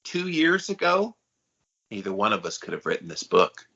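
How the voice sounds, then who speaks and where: A man's voice: on the low side, sing-song, normal speed, gravelly, sharp tone. A man co-hosting a podcast in casual chat, talking with eager, hyped-up enthusiasm. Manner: enthusiastic, self-described hype guy. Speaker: podcast co-host. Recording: slightly dull, lo-fi sound.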